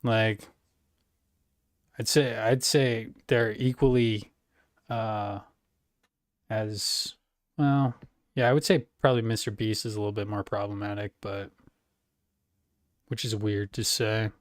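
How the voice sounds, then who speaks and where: A man's voice: on the low side, little pitch movement, slow pace, long pauses, dry recording, clean studio sound. A man hosting a reaction show, commenting in a blunt, profane way. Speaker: host reacting to a video.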